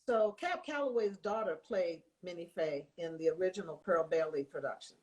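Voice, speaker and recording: An older woman telling lively stories in a casual chat, acting out the people she quotes. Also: on the low side, moderate pace. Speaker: guest.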